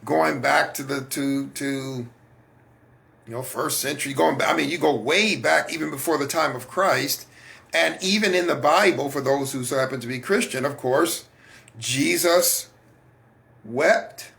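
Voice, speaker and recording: A man's voice: fairly high pitch, a little slow, creaky, fairly bright tone. A man hosting a faith talk broadcast, speaking casually to his audience, with rhetorical questions and frequent restarts. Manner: repeats and restarts words. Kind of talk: casual spoken monologue.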